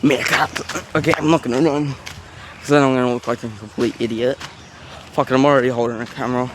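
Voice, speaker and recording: A man's voice: mid-range voice, steady tone, brisk, noisy background. A man talking casually to a handheld phone camera as he walks around a zoo outdoors, rambling in a self-aware way with lots of filler words. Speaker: vlogger. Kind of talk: casual walking vlog.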